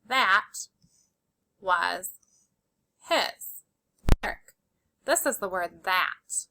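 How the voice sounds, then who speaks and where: Patiently sounding out letters, a woman teaches young children to spell and praises their work, encouraging them throughout. Her voice is fairly high and sharp, with lively intonation and an unhurried pace.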